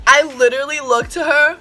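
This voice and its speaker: A teenage girl telling a story on her vlog, slangy and animated, full of "like" and swearing. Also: sits high. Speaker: vlogger.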